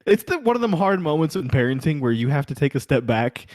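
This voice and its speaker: A man's voice: a little high, very animated, fast, darkish tone, no room sound. A man co-hosting a podcast, joking and teasing his friend in a playful, casual way. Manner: playful, teasing, calls people bro. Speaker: podcast co-host. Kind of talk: casual chat.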